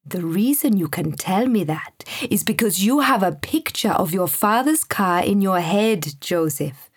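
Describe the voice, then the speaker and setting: A woman voicing a calm, patient boy companion in a storybook, speaking steadily. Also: mid-range voice, unhurried, husky. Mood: explaining.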